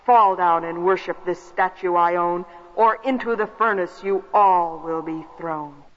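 Proud old King Nebuchadnezzar. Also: high voice. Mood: commanding. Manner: slow, commanding, theatrical. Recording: lo-fi recording with long reverb.

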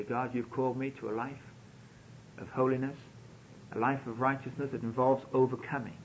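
A man's voice: mid-range voice, a little hiss or hum. A man preaching a sermon, telling a story and acting out the quoted pleas, on a dull lo-fi radio broadcast.

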